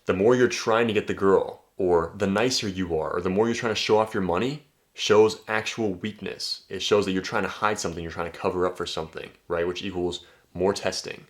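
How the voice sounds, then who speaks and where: A man's voice: low-pitched, fairly even intonation, a little fast. A man coaching on dating in a casual vlog monologue, blunt and profane, tagging his points with "right?".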